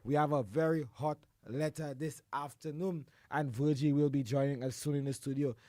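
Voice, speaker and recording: A man hosting a radio show, his voice hoarse from the flu, loudly calling out greetings and shout-outs and then settling into quieter chat. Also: on the high side, fairly even intonation, moderate pace, no echo, clean studio sound. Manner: exuberant, shouts greetings, drops into a quieter voice between. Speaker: radio host.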